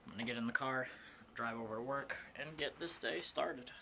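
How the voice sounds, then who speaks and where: A man's voice: medium pitch, a little fast, vocal fry. A young man telling a casual storytime vlog, candid and chatty, with fillers and self-corrections. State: out of breath. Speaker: vlogger. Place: home, then in his car.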